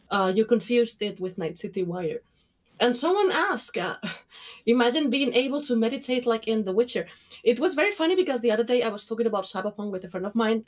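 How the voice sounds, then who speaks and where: Higher-voiced laughing female co-host. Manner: lively, laughs often. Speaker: podcast co-host. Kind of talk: casual podcast chat.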